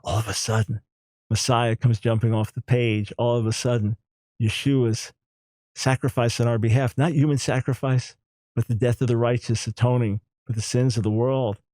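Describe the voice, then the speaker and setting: A man in his sixties hosting a radio talk show, talking emphatically and in quick, animated bursts. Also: mid-range voice, no echo.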